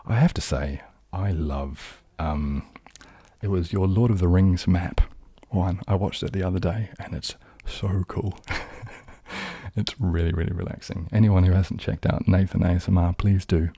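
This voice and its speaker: A young New Zealand man with a low, dark, husky voice and an accent that drifts toward southern English. He chats casually on a live stream, rambling through ums and false starts in a self-deprecating way. The sound is close and dry. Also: steady tone, moderate pace, no room sound. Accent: New Zealand, leaning southern English. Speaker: ASMR streamer hosting a live chat.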